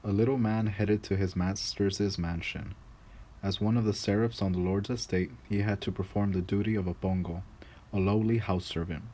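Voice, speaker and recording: A man narrating a folk tale in a measured, grave reading voice, with a few small restarts. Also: on the low side, steady tone, warm tone, poor audio. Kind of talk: storybook narration.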